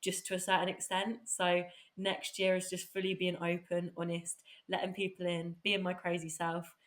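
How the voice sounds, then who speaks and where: A woman hosting a podcast in casual chat, bubbly and enthusiastic and quick to laugh. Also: on the low side, completely flat delivery. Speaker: podcast host.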